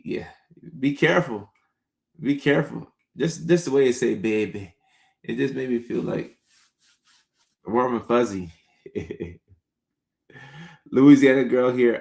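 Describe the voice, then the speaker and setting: A man with a gravelly, creaky voice and middling pitch hosts a casual live stream, answering viewer comments in a loose, chatty way. He laughs easily and keeps the talk relaxed. The sound carries a noticeable room echo.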